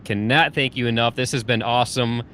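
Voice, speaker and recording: A man's voice: mid-range voice, steady tone, fairly quick, fairly bright tone, a little hiss or hum. A man from Michigan hosting a podcast, chatting eagerly with his guest and laughing often. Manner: enthusiastic, laughs often, many fillers. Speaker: podcast host. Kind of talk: casual interview chat.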